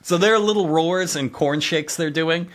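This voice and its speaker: Sarcastic man with a higher voice. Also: normal speed. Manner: sarcastic, laughing asides. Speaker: podcast co-host. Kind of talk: comedic recap chat.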